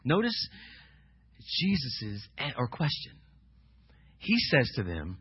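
A man preaching a sermon as pastor, swinging between loud, emphatic questions and hushed scripture reading. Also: fairly high pitch, huge pitch swings, slow, pauses often, slightly rough, highs cut off.

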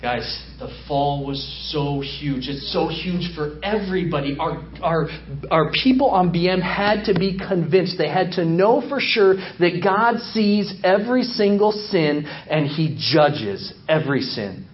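A man giving an animated storytelling sermon as a missionary guest speaker, acting out dialogue as he goes. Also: fairly high pitch, unhurried, slight background noise. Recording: echoey hall from far off, dull.

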